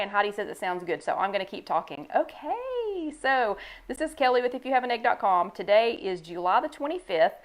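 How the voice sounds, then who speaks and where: An older woman hosts a casual live stream from home, talking into a desk microphone. She is chatty and relaxed, greeting viewers by name and reading their comments aloud. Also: mid-range voice. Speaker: host of a live online chat. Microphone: new desk microphone.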